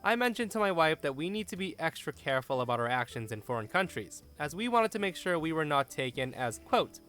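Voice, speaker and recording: A man narrating an online story in an expressive, animated way, with his own comments. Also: a little high, fairly quick, soft background music.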